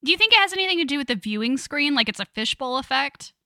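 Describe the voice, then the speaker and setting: A young adult woman co-hosting a podcast in casual chat, amused and quick to joke. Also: high-pitched, expressive, bright, forceful tone, dry recording, studio quality. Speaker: podcast co-host.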